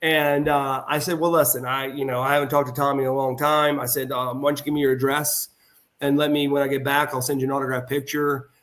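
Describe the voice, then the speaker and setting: A middle-aged former pro wrestler, guesting on a podcast, talks fast in a mid-range voice. He tells a long, heartfelt story in casual interview style, rambling, restarting often and acting out the dialogue with animated energy.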